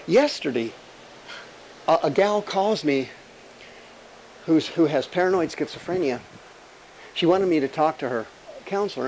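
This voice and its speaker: Animated preacher with a higher voice. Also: male voice, a little hiss or hum, rough recording. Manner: animated, emphatic, joking, rhetorical questions. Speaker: pastor. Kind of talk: sermon.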